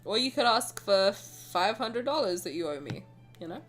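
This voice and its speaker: A woman's voice: medium pitch, expressive, normal speed, a bit bright. A woman streamer chatting and joking casually while reading game dialogue aloud. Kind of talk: casual gaming commentary. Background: faint game music.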